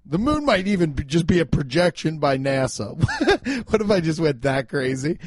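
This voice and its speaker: A young man hosting a casual solo podcast, talking loudly and emphatically, swearing and poking fun at himself. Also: on the high side, very animated, a little fast, no room sound. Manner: loud, emphatic, swearing, self-mocking. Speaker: podcast host. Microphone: home podcast mic.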